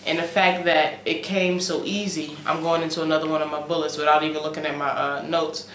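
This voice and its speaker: A young woman talks straight to her camera at home late at night in a casual, preachy vlog. She punches some points loudly and lets others trail off softly, often checking in with "okay?". The room sounds echoey, with a faint hiss underneath. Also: deep voice, flat delivery, a little fast. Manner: wavers between loud emphasis and soft trailing asides. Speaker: vlogger. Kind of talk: casual talk-to-camera chat.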